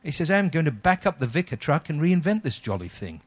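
A man's voice: on the high side, a little fast. A man with a Scottish accent preaching a sermon, telling stories and acting out the people in them. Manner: animated storytelling, acts out quoted voices. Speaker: pastor.

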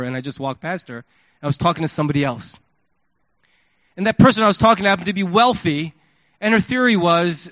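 A pastor preaching, his voice high and bright and animated as he tells a story. The sound is dry and a little dull, a lo-fi sermon recording. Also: fairly quick, no room sound. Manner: animated storytelling, acts out his own thoughts.

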